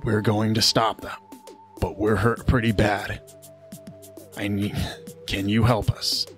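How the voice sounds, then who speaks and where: A man voicing a steady human male defense force agent who talks in a hushed, reassuring way. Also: lowish voice, takes it slowly, soft background music. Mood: urgent.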